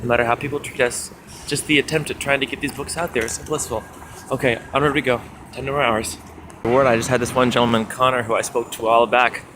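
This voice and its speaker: A man's voice: mid-range voice, fast. Young man, street vlog, chatty and upbeat, mid-range voice, traffic noise behind. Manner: upbeat, chatty, animated retelling with raised acted quotes. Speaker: street book distributor. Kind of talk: casual vlog monologue. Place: outdoors on a foggy city street. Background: city traffic and street ambience.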